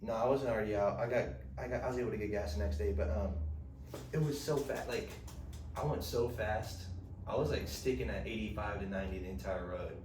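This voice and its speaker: A man's voice: on the low side, a little fast. Young man, podcast host, rambling slangy storytelling, echoey room, mic set back. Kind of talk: casual chat. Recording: echoey room, mic at a distance, faint noise.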